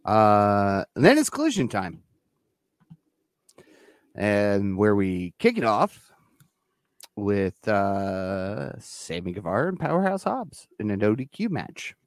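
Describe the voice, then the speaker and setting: A man's voice: fairly low pitch, sing-song, slow, pauses often, dry recording, clean studio sound. A man co-hosting a podcast, recapping wrestling shows in a laid-back, casual way and laughing easily. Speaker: podcast co-host.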